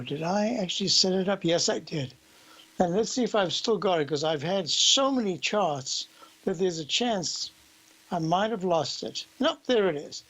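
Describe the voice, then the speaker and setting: An older South African man hosts a radio show, walking listeners through market charts in a rambling, conversational style and explaining slowly. His voice is high-pitched and fairly bright, on a low-quality recording.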